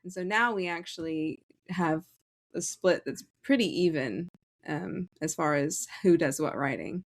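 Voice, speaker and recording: A woman in her thirties speaks as an interview guest, relaxed and explanatory. Her voice sits on the lower side for a woman as she walks through how the work gets done. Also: unhurried. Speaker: co-author guest. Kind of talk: casual interview chat.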